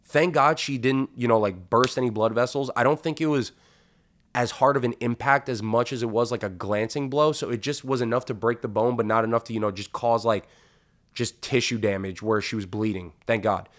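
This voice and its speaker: A man hosts a casual podcast and tells a long personal story. His voice sits at an ordinary middle pitch for a man. He swears freely and acts out what others said. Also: brisk. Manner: animated, profane storytelling with acted-out quotes. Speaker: podcast host.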